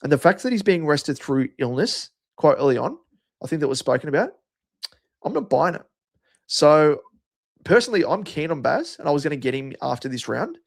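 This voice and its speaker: A man's voice: on the high side, big pitch swings, a little fast, vocal fry. A man with an Australian accent hosting a live stream, chatting casually and answering viewers' comments by name. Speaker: livestream host.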